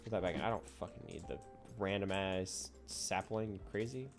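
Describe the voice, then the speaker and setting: A man's voice: deep voice, moderate pace, music in the background. A man streaming a game, chatting casually and teasing his viewers with frequent laughter. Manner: playful, teasing, often laughing. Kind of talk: casual gameplay chat.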